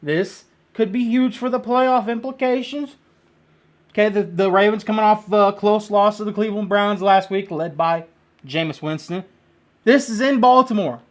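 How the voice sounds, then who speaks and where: A man with a fairly high voice runs through his weekly football picks in a casual, excitable way. His delivery is blunt and jokey, and it now and then gets loud. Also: moderate pace. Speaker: sports picks vlogger.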